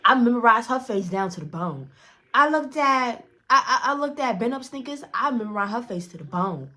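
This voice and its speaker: Profane, fast-talking young woman storyteller. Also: on the high side, expressive, bright, forceful tone. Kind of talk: casual storytime vlog.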